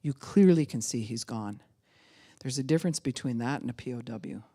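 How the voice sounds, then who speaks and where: A woman's voice: very deep voice, normal speed, dark tone. A woman pastor preaching a sermon, acting out quotes in different voices and laughing often.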